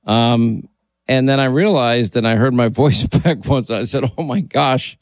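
A man's voice: mid-range voice, a little slow, dry recording. A man hosting a talk radio show, bantering and teasing his co-host. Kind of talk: casual on-air banter.

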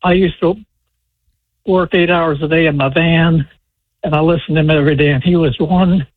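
A man in his seventies calling in to a talk radio show, telling his story in a halting, rambling way. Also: a little high, steady tone, no echo. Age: 70s. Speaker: radio caller. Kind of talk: phone call to a talk show. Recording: tinny phone line.

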